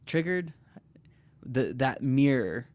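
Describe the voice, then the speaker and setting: A man speaking as a podcast guest, thoughtful and a little hesitant, pausing over his words with "like" and "um". His voice is smooth and resonant. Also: medium pitch, sing-song, darkish tone. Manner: reflective, hesitant, many "like" and "um" fillers. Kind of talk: casual podcast conversation.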